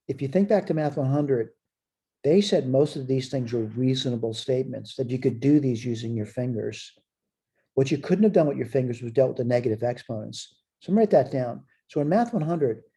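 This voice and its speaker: Man, math lecturer, very dark mellow voice, a bit husky, asks and answers his own questions. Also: medium pitch. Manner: repeats phrases while writing on a board. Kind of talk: recorded college lecture.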